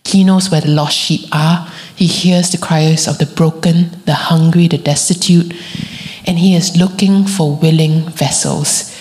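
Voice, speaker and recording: A woman, preaching a sermon and telling a story with lively quoted voices. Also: low-pitched, measured pace. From Singapore. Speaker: guest preacher.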